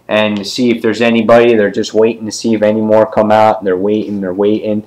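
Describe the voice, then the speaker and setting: A man casually reviewing a comic book issue, with many ums and quick character voices as he retells the scenes. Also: fairly low pitch, level tone, darkish tone, low-quality recording.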